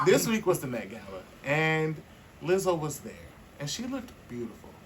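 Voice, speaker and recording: A man co-hosting a podcast in casual, candid chat, animated and quick to laugh. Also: fairly high pitch, background noise. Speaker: podcast co-host.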